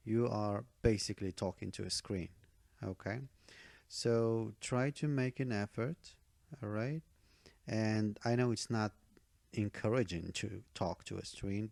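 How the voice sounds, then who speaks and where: Male test-prep teacher, low gravelly voice, emphatic, keeps checking in with the viewer. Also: darkish tone, dry recording, clean studio sound. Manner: emphatic, checks in with "okay?" and "all right?"; repeats key advice for emphasis. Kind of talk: online speaking-test tutorial.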